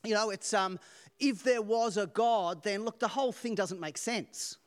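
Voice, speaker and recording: A man preaching a sermon, telling a joke with lively rhetorical questions and laughing at his own lines. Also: high-pitched, normal speed.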